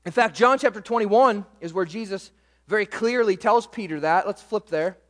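A man preaching a sermon as pastor, swinging between loud emphasis and quiet, low asides. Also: moderate pace, in a large hall.

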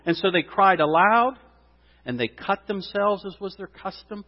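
A man preaching in a church, slightly higher-voiced than most men, and he swings from quiet asides to loud, rising exclamations. His voice rings with a long hall reverb, and the sound is a little dull. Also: steady tone, moderate pace. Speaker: pastor. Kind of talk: sermon.

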